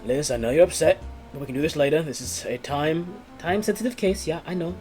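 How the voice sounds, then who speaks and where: A dogged male investigator talks in an earnest, persistent way, as a man voices him for a tabletop game. His voice sits a bit high. Clear guitar music plays in the background. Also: quick pace, darkish tone, natural voice. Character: determined male investigator on a case.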